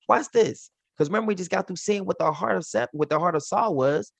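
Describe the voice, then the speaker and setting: A man's voice: sits high, a little fast, gravelly, hardly any pauses, a bit bright, no echo. A man teaching from the Bible in an informal, slangy way, acting out the characters' lines as he retells the stories.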